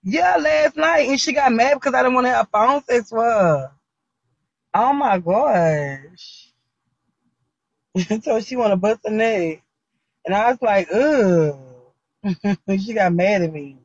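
A man's voice: high-pitched, expressive, unhurried, creaky, long pauses, breathy edge, no echo, highs cut off. A man hosting a casual livestream chat, complaining over and over in an exasperated way and laughing often. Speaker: livestream host.

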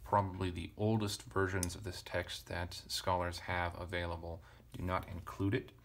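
Deep-voiced man teaching ancient Greek. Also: little pitch movement, moderate pace, a bit bright, slight background noise. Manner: thinking aloud, self-correcting, casual asides. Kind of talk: relaxed verse-by-verse parsing lesson.

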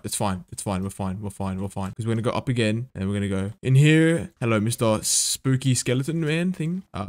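A man giving live gameplay commentary, excitable and swearing under his breath, with sudden gasps and outbursts. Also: medium pitch, no room sound. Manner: mutters to himself, swears when frustrated. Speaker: gaming video creator.

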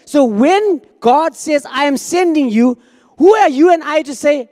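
A man's voice: very high voice, lively intonation, a little slow, darkish tone, long reverb tail. A man preaching a sermon as pastor, talking conversationally and acting out quoted dialogue.

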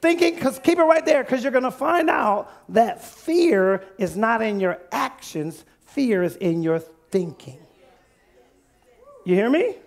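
Male pastor, very high gravelly voice, call-and-response sermon. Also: animated, a little slow. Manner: call-and-response preaching, rising to shouts. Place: church sanctuary.

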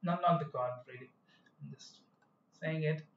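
A programming tutor with a voice on the high side speaks at a moderate pace in a screen-recorded coding lesson, giving rambling explanations that he keeps revising. Slight background noise and an echoey, dull room color the audio.

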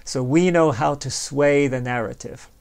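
At an unhurried pace, a man with a creaky, mid-range voice hosts a podcast. He speaks directly to the listener in a conversational, sardonic, rambling philosophical monologue, voicing both ends of a made-up dialogue.

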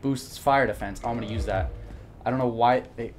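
A man's voice: mid-range voice, fairly quick, soft background music. Jumpy young man narrating his gameplay. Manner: jumpy, panicky, repeats words in bursts. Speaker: gaming YouTuber. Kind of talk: live gameplay commentary.

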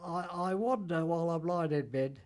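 Casting: very old man, veteran interviewee, halting and fairly high-voiced. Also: a little mellow. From Birmingham, England. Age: older, about 90s. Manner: halting, repeats words, old-fashioned dialect grammar. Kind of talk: spoken recollection in interview.

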